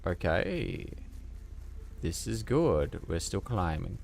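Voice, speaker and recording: A man's voice: sits low, very animated, slow pace, gravelly, darkish tone. A man with a subtle Australian accent chatting and joking with viewers as he plays a game live. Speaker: gaming streamer. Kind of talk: casual live gameplay commentary.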